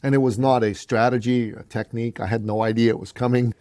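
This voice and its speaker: A man's voice: quick pace, no echo. A man telling a personal story as a podcast guest, acting out the voices he quotes, calling the listener brother. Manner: animated storyteller, acts out quotes with big pitch jumps.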